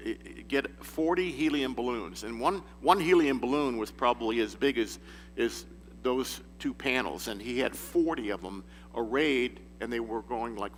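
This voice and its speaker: In a church meeting room, a man gives an informal sermon to a men's group, telling folksy stories with frequent chuckles, false starts, and restarts. His voice is mid-range and fairly bright, and the recording has the echo of a hall with a faint hum.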